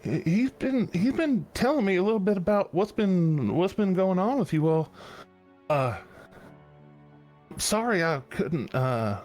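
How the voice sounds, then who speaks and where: Man putting on a soft Southern woman. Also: sits high, sing-song, soft background music, pitched above the performer's own voice. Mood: concerned. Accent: soft Southern US (put on). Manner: halting, soft-spoken, concerned. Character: gentle caring woman speaking through a familiar.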